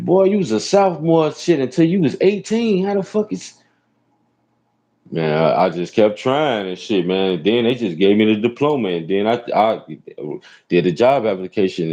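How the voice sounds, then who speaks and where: A man's voice: medium pitch, sing-song, moderate pace, dark tone, dull audio. A man from Chicago, a rideshare driver and show host, giving loose, profane ranting commentary from inside a car and repeating "real talk" often.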